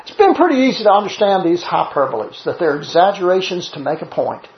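A man's voice: high voice, sing-song, quick pace. A man giving a sermon-style Bible teaching, emphatic and full of rhetorical questions. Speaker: preacher. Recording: roomy, slightly dull sound.

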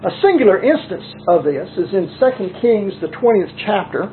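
A preacher delivers a measured, emphatic sermon, pausing to read scripture aloud and press each point home. The voice comes through a narrow, telephone-like recording. A faint hiss runs beneath it. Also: mid-range voice, lively intonation.

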